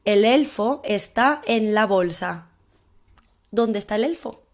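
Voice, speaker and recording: A woman teaching a recorded classroom lesson, encouraging her pupils and repeating phrases slowly so they can echo them. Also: mid-range voice, expressive. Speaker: primary Spanish teacher.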